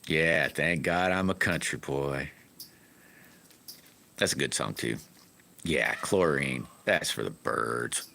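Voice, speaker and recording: A man's voice: extremely low pitch, slow, vocal fry, long pauses, bright, forceful tone. A middle-aged man, telling rambling, folksy stories in a casual live stream chat.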